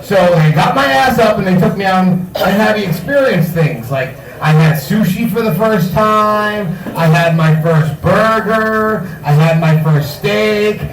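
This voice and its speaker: A man doing stand-up comedy in a bar, loud and brash, teasing the crowd. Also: high-pitched, a little slow, hardly any pauses, roomy sound, distant mic, low-quality recording. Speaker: stand-up comic.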